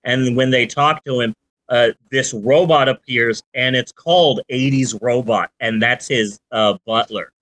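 A man hosting a casual movie podcast, ranting and joking with animated swings and the odd shouted outburst. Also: mid-range voice, a little slow, no echo. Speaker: podcast host.

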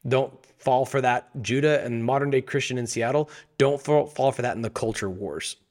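A man giving a devotional Bible teaching, explaining scripture and asking his listeners many rhetorical questions in an animated way. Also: medium pitch, moderate pace.

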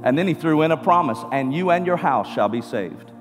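A pastor preaching a sermon to a church congregation, with rising emphatic bursts. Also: male voice, a little high, lively intonation, a little fast. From California. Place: church sanctuary. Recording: church hall reverb with music.

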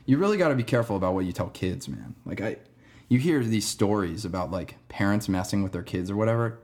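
A young man tells a story on his podcast in a loose, rambling way. His voice sits a little low and stays relaxed, with plenty of "dude" and "man" along the way. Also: fast. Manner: rambling, laid-back, says "dude" and "man" a lot. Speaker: podcast host. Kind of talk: casual storytelling monologue.

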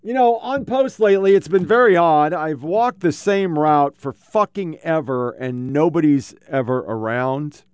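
A man with a slightly high, smooth, resonant voice rambles through profane stories as the host of his own podcast. He records himself at a home computer setup on his own microphone. The sound is dry and close. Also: a little slow, few pauses, a little mellow, dry recording. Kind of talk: casual rambling monologue.

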